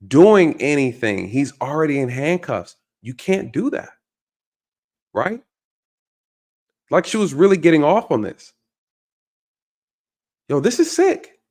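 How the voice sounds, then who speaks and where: A man hosting a reaction video, talking emphatically to his viewers and repeating his points for stress. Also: fairly high pitch. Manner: emphatic, repeats phrases, addresses viewers directly. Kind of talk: reaction commentary.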